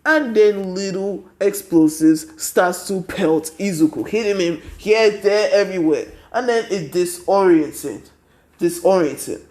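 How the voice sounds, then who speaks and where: A man's voice: high voice, unhurried, darkish tone. A tired young man casually narrating a fan story, rambling with constant 'and then' and 'he's like'.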